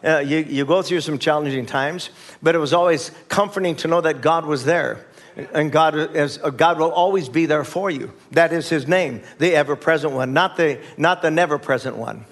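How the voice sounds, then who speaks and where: A man's voice: a little high, moderate pace, fairly bright tone. An older man preaching a sermon as pastor, leading the church in call-and-response with folksy asides and chuckles.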